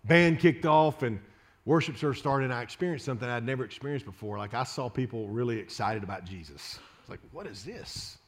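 A man's voice: mid-range voice, a little fast. A man, preaching an impassioned, pleading sermon full of repeated phrases and restarts. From Louisiana, USA. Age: 30s. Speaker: pastor.

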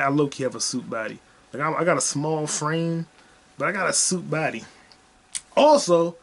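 A young man with a high-sitting, fairly bright voice delivers a solo comedic monologue on his own podcast. He tells loose, profane stories and repeats his punchlines.

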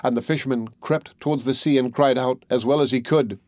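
A man narrates a classic fairy tale in a measured, clear storybook reading. His voice sits at a middle pitch and the recording is dry and close, with no room sound. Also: steady tone, a little mellow, dry recording. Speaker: audiobook narrator.

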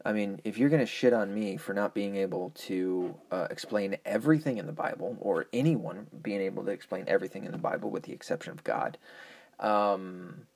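Husky, profane ranting man. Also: lowish voice, brisk, a little mellow. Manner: profane, rambling, argumentative. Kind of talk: casual ranting monologue.

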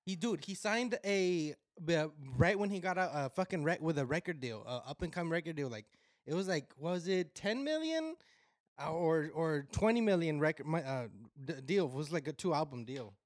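A young man co-hosting a podcast, telling stories in casual chat and acting out loud impressions of the people he quotes. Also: a little high, expressive, normal speed, no echo, clean studio sound. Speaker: podcast co-host.

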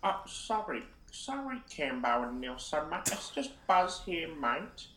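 A caller putting on a brash, cocky Australian bloke with an exaggerated drawl on a voice message. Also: male voice, a little high, sing-song, measured pace, pushed and bright, heavily acted. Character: brash blokey Australian man, cocky, says "mate" constantly. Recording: echoey voice message.

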